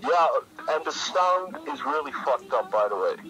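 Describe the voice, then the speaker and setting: A man's voice: a little high, big pitch swings, normal speed, crowd noise. A man co-hosting a podcast over a phone call, bantering and swearing casually. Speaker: podcast co-host.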